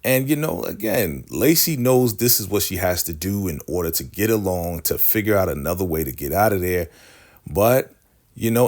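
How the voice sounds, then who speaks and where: A man's voice: sits low, animated, normal speed, a little mellow. A man hosting a casual episode recap, telling it in a slangy, chatty way with many asides. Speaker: recap show host.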